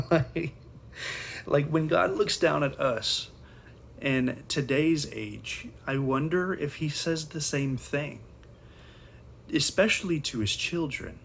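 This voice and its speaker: A man's voice: fairly high pitch, slow pace, vocal fry, slight background noise. Casual, slangy male Sunday school teacher. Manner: conversational, slangy, animated retelling. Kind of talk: casual Bible storytelling lesson.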